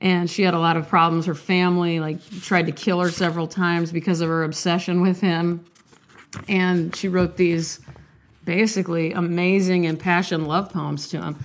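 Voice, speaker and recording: A woman's voice: on the low side, little pitch movement, normal speed. A young woman with a cold, chatting in a rambling, candid, self-deprecating way before reading a poem aloud. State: sick, coughing. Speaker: artist vlogger. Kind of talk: casual confessional chat and poetry reading.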